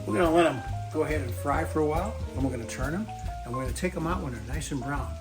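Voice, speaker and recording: A man's voice: fairly high pitch, racing. Playful chatty man hosting a cooking show. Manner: playful, chatty, talks straight to viewers. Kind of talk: casual cooking demonstration. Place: home kitchen. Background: background music.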